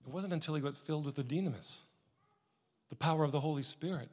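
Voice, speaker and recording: A man preaching a sermon, telling stories with many restarts and swings from loud emphasis to hushed tones. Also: on the high side, fast talker, long reverb tail. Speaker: pastor.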